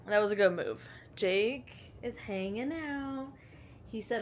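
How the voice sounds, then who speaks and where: A woman's voice: mid-range voice, expressive, a little slow, slight background noise. A woman vlogging casually at home, chatty and joking, laughing often and swearing casually, recorded on a handheld phone. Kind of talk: casual vlog chat. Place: at home during a storm.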